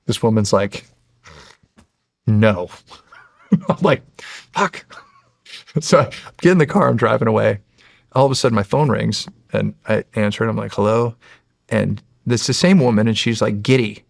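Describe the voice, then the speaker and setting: American guy in his 40s, chatty guest story, gravelly voice, dry close sound. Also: fairly low pitch, moderate pace, no room sound. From United States. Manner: animated, re-enacts dialogue, laughs often. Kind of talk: casual storytelling.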